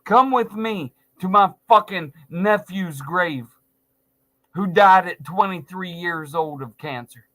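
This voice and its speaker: A man in his forties rants to his viewers in a high voice for a man. He speaks slowly and drags out his words. He is sarcastic and swears through nearly every line. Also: pushed and bright. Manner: angry, sarcastic, heavy swearing. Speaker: vlogger. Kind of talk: profane ranting monologue.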